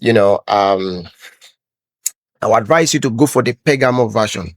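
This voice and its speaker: A man's voice: fairly low pitch, expressive, moderate pace, no echo. A man teaching a Bible lesson over a screen share, repeating words and explaining bit by bit.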